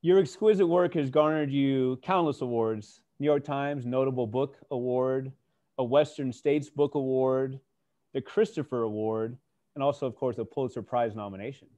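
In a casual interview chat, a man hosting a podcast gushes with enthusiastic praise while introducing his guest. His voice is mellow and medium-pitched, at a normal speed.

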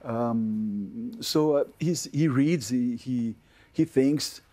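An older French-accented actor talks in a mellow, warm tone during a TV interview. He pauses often and fills the gaps with "uh" and "you know" while he gathers his thoughts. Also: mid-range voice. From France. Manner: hesitant, many fillers and restarts. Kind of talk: TV interview chat.

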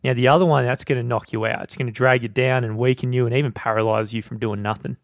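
A man co-hosting a podcast, talking through a book's ideas in a relaxed, conversational way. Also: mid-range voice, quick pace, gravelly, dry recording, clean studio sound. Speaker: podcast co-host. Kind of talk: casual book discussion.

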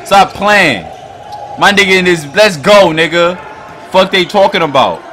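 A man hosting a basketball reaction video, talking in a loud, hyped, profane way and often shouting at the screen. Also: high voice, animated, a little slow, slight background noise. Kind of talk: excited basketball reaction commentary.

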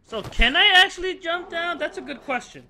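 A man giving excitable, jokey let's play commentary, swearing a lot as he plays. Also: extremely high pitch, a little fast, a little hiss or hum. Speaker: gameplay commentator.

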